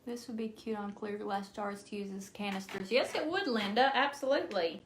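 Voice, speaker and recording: A woman's voice: medium pitch, moderate pace. A woman hosting a casual live craft demo, chatty and self-deprecating, laughing often at her own mistakes. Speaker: crafting livestream host. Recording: echoey room with faint noise.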